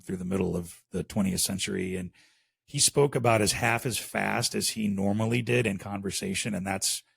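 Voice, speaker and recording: Male guest, Chicago accent, low husky voice, dry recording, loose conversational delivery. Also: dry recording. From Chicago area. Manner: relaxed, rambling with many fillers. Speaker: podcast guest. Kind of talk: casual interview chat.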